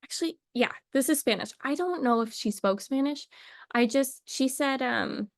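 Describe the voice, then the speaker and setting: A woman talking in a playful, rambling way, thinking out loud as she runs a casual mock lesson. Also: high-pitched, animated, normal speed, gravelly, no room sound, clean studio sound. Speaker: video creator.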